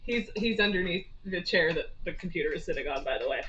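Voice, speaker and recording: A woman's voice: fairly low pitch, expressive, fast, a bit bright, echoey room, far from the mic, dull audio, a little hiss or hum. A woman streaming from her home kitchen, chatting casually and laughing often while she baby-talks to her cat. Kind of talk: casual live-stream chat while baking.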